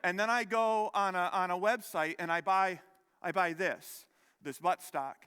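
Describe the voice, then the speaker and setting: A man's voice: high-pitched, fairly even intonation, measured pace, bright, forceful tone, clean tone. A man in his thirties preaching a sermon as pastor, telling a rambling personal story with many restarts and self-deprecating asides. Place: church sanctuary. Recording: long hall reverb.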